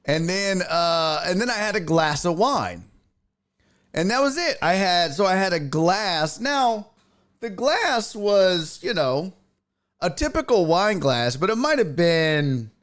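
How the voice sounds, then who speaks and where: A man's voice: high-pitched, sing-song, takes it slowly, a bit bright. A man hosting a live stream show, chatting casually and profanely and greeting viewers by name. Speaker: podcast host on a live stream. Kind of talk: casual chat, reading out live chat.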